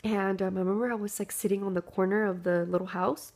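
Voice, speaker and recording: A woman's voice: medium pitch, fairly even intonation, fast talker, a little mellow. A young woman telling a childhood story to her camera in a casual, chatty way, full of "like" and "dude". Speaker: vlogger.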